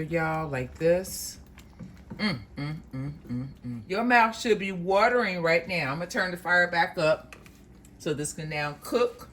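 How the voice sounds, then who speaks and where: Low-voiced woman chatting through a recipe. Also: a bit bright, slight background noise. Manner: homey, chatty, addresses viewers as y'all. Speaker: cooking show host. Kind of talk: casual cooking demonstration. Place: home kitchen.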